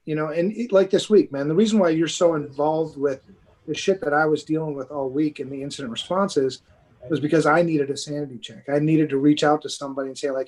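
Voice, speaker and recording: A man's voice: fairly high pitch, a little fast, darkish tone. A man co-hosting a podcast in casual chat, talking earnestly and at length, with casual swearing. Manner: earnest, rambling, profane. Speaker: podcast co-host.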